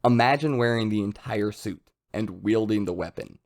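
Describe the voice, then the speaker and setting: A man's voice: lowish voice, moderate pace, gravelly. A man voicing a stern military captain. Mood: grave.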